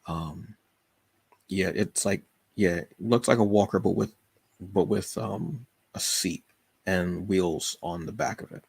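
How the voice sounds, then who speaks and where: Deep gravelly man, halting and emotional. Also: a little mellow, no room sound. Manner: halting, with many fillers and restarts; emotional, confessional. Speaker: podcast host. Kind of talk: personal storytelling.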